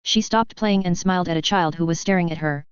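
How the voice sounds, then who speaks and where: A woman's voice: fairly low pitch, fairly quick, clean tone, dry recording, muffled recording. Woman reading a sci-fi story. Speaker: narrator.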